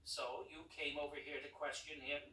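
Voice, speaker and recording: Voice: mid-range voice, flat delivery, normal speed, roomy sound, recorded from a distance, slight background noise, lightly acted, rough recording. A reader voicing a stern, impatient woman who demands answers, in a storybook read-aloud. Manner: demanding, sharp.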